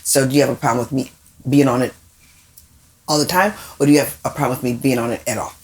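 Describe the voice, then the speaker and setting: A woman's voice: extremely low pitch, steady tone, fast talker, darkish tone. A woman co-hosting a podcast in casual conversation, emphatic, asking pointed questions. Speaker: podcast co-host.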